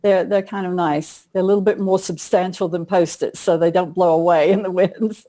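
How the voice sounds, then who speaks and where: A woman's voice: fairly low pitch, steady tone, normal speed, mellow. A middle-aged woman, an author and coach, telling stories in a chatty way during an interview. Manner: chatty storyteller, laughs often. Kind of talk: casual interview conversation.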